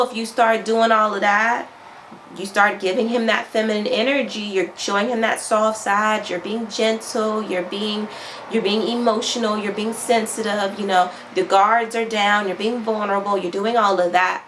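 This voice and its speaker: A woman coach talks straight to her viewers in a mid-pitched voice and keeps asking "right?" as she makes her points. Her phrases come round again and again. A faint hiss runs under the recording. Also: steady tone, moderate pace, fairly bright tone, low-quality recording. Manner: direct, repeats phrases and asks "right?"; acts out quoted voices with raised pitch. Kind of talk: instructional talk to viewers.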